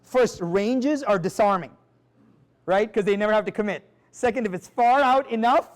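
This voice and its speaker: Man, high voice, live seminar trainer, energetic, emphatic, rhetorical questions, chatty restarts. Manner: quick, conversational, with frequent restarts and "like" and "right?". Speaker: sales trainer presenting to an audience.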